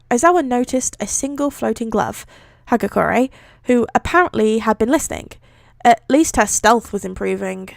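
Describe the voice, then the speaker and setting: A woman's voice: a little high, gravelly, no room sound, studio quality. A British woman reading fan fiction live on her stream, chatty and giggly, often correcting herself. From Britain. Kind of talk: casual live reading aloud.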